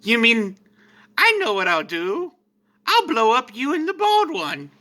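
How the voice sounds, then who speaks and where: A man voicing a gleeful, cruel male alien tyrant with a high, cackling, taunting voice. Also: wildly swooping pitch, measured pace, pushed and bright, full character voice. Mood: gleeful mocking.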